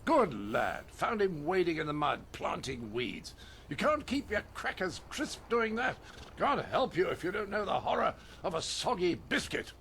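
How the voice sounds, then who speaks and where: A man's voice: sits high, very animated, moderate pace, fairly bright tone, slight background noise, exaggerated voice. An actor playing a pompous, scornful foreign nobleman in a video game. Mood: haughty. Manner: pompous, condescending.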